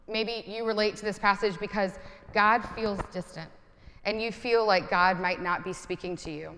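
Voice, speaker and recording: A woman's voice: medium pitch, a bit bright. Woman preaching in a reverberant hall. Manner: conversational, self-deprecating humor. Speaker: pastor. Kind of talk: sermon.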